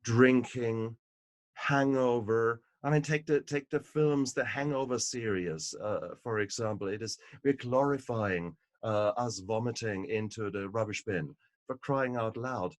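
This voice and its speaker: A man and book author in an interview conversation, telling stories in an animated, emphatic way. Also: medium pitch, a little slow, no echo. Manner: animated storyteller, emphatic and repetitive.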